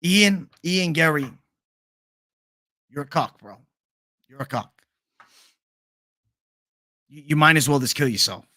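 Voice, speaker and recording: A man's voice: fairly high pitch, expressive, takes it slowly, long pauses, sharp tone, no echo, studio quality, heavily acted. A man doing an impression of a blunt, crude male fighter who taunts his rival. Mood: taunting.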